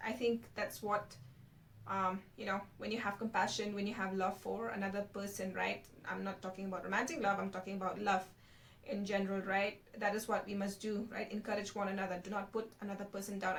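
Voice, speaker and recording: Woman, channel host, higher voice. Casual devotional chat, then slow, careful scripture reading. Mic set some distance away. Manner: chatty, often asks "right?" to check in with viewers. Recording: voice picked up from a distance.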